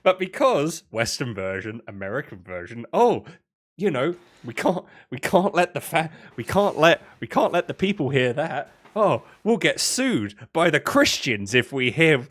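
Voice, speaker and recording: A young British man co-hosting a casual podcast, rambling with excitement and often laughing. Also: on the high side, unhurried. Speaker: podcast co-host. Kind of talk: casual chat.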